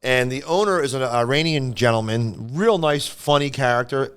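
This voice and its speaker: Smooth-voiced comedian telling stories. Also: male voice, mid-range voice, normal speed. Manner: animated storyteller. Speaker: comedian and podcast host. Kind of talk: casual podcast chat.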